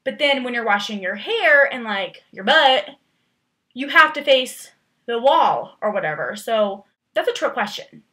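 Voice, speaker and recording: A young woman chatting straight to her camera, rambling and playful, her talk full of fillers. Her voice sits a little high and sounds bright and forward. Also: lively intonation, unhurried. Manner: playful, exaggerated emphasis. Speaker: vlogger. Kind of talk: casual chat answering tag questions.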